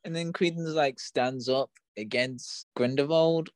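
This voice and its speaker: A man co-hosting a casual film review podcast, reacting with stumbling, quick agreement. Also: medium pitch, no room sound. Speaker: podcast co-host.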